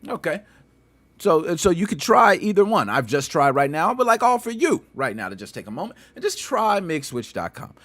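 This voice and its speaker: A man hosting a casual gaming podcast, all slang and quick banter. His pitch swings widely from line to line, and the sound is dry and close with no room around it. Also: dry recording. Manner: animated, slangy banter with frequent laughs. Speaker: podcast host.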